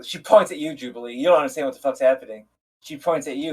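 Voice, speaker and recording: A man's voice: medium pitch, fast, breathy edge. Male game master, casual and loose, cursing and chuckling through his narration. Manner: casual, laughing, swears freely. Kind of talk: narrating a tabletop game on a live stream.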